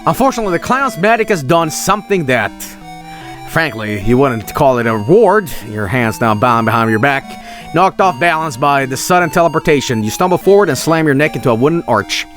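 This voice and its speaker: A man's voice: on the high side, sing-song, a little fast, a bit bright, faint music behind. A man, streaming a text adventure game, reading it aloud with loose, joking, swearing commentary.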